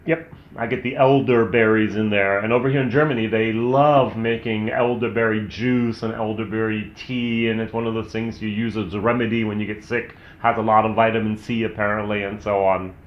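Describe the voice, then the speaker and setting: A man's voice: on the low side, little pitch movement, brisk, hardly any pauses. Chatty American man reviewing whisky. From United States. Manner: chatty and candid, thinking aloud. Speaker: whisky reviewer, channel host. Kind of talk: casual tasting review. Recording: roomy, slightly dull sound.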